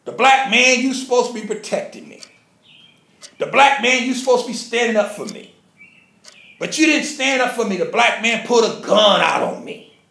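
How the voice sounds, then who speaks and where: A man's voice: extremely high pitch, lively intonation, normal speed, creaky, sharp tone, pitched below the performer's own voice, heavily acted. A man voicing a whiny, melodramatic woman, with sing-song mock crying in an echoey room. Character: whiny, melodramatic woman wailing about a threat.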